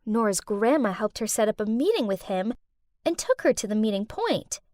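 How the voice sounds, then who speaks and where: A young woman narrates an animated story in the first person, wide-eyed and lively. Her voice is high and swoops up and down with a lot of expression. The sound is dry and close. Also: normal speed, no echo.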